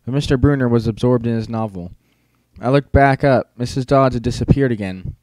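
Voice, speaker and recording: A man's voice: medium pitch, fairly quick, darkish tone, no echo. A man narrating an audiobook in the first person, with a casual, wry, teenage-boy storytelling manner.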